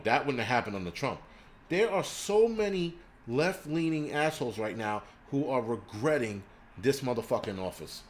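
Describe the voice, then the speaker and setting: A man's voice: fairly high pitch, slight background noise. A man hosting a livestream, ranting crudely and rambling while he answers viewers' chat. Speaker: livestream host.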